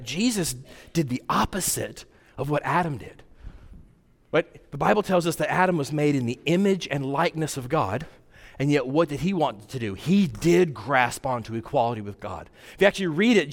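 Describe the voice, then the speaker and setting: Preaching man in a reverberant hall. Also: a little high. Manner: earnest, swings from loud emphasis to hushed intensity. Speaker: pastor. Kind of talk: sermon.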